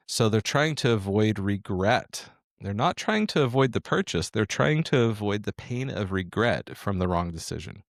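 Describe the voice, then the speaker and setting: A man coaching salespeople in an animated, emphatic way, full of asides and restarts. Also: on the low side, vocal fry, no room sound, clean studio sound. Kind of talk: energetic coaching talk.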